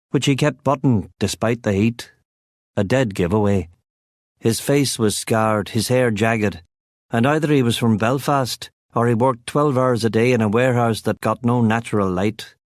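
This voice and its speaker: Dry, low-voiced male audiobook narrator. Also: no room sound. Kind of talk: first-person crime novel narration.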